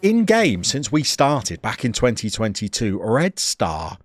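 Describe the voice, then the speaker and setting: Middle-aged guy hosting a live stream, jokey and chatty, mid pitch. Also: huge pitch swings, unhurried, no echo. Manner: chatty, jokey, greets viewers by name. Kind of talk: casual live stream chat.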